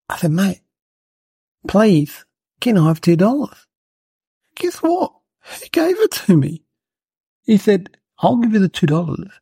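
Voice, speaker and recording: Someone doing Little Jimmy, a gravelly rambling kid. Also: mid-range voice, dark tone, dry recording, clean studio sound, exaggerated voice. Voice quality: rambling, fussy about fairness and manners. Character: cheeky chatty little boy, stubborn and fussy. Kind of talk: comedic monologue in character.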